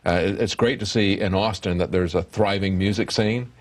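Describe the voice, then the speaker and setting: A male news host interviewing a reporter in the studio, prompting with brisk questions. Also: low-pitched, fairly even intonation.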